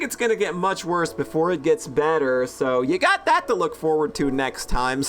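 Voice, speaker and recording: A man hosting a let's play, reading a visual novel aloud and breaking in with animated, exclamatory asides. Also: fairly high pitch, moderate pace, hardly any pauses.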